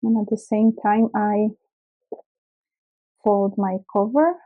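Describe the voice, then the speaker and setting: A woman hosting a craft tutorial, explaining each step slowly and carefully with small fillers, an English speaker. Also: mid-range voice, fairly even intonation, phone-quality sound.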